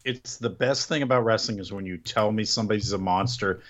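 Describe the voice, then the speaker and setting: A man co-hosting a casual podcast, giving relaxed opinions in easy chat. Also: on the low side, fairly quick. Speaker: podcast co-host. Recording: dull lo-fi sound.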